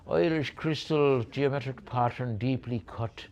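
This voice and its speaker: A man working as an auctioneer, calling bids briskly and adding chatty asides about each lot. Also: lowish voice, a little mellow. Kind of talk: live auction bid calling.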